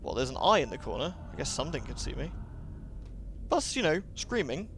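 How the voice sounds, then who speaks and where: A man's voice: a little high, sing-song, brisk, fairly bright tone, slight background noise. A man giving jokey, sarcastic commentary while playing a horror game. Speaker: gaming commentator. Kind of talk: let's play commentary.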